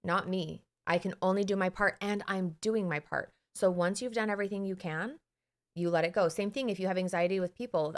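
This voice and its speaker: An animated woman co-hosting a podcast as an anxiety coach. She tells her story in a casual way, laughs often, and jumps into quoted inner voices. Her voice sits at an ordinary middle pitch. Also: brisk.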